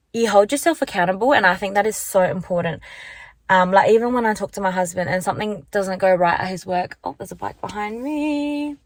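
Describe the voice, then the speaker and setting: A woman's voice: mid-range voice, no echo. A young woman vlogging casually into her phone from her car, chatty and rambling, full of likes and restarts. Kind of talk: casual chat to camera. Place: parked car. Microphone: handheld phone.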